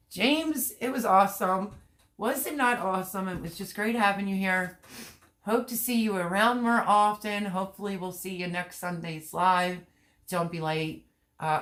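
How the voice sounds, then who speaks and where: A woman's voice: on the low side, fairly bright tone. A woman hosting a casual gardening livestream, reading viewer comments aloud, her voice strained from laughing and crying. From Pennsylvania. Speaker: livestream host.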